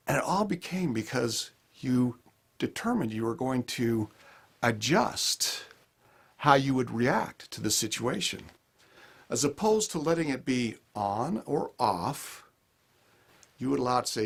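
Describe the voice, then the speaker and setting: Male motivational speaker, animated delivery, swinging pitch. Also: moderate pace, slightly rough. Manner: animated, acts out everyday scenes. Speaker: life lesson speaker. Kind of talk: motivational talk.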